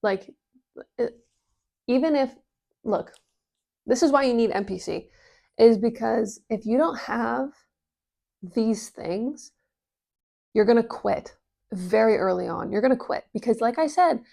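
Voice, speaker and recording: A woman talking casually as a business coach, energetic and full of fillers, swearing now and then. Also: fairly high pitch, measured pace, gravelly, long pauses. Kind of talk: casual explainer vlog.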